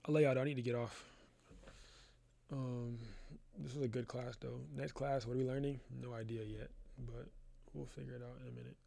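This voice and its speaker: A man's voice: mid-range voice, steady tone, brisk, gravelly, warm tone. A young man casually hosting a live photography class from his studio, rambling and slangy, calling listeners "bro". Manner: loose, rambling, slangy, says "bro" a lot. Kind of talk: casual live-stream chat.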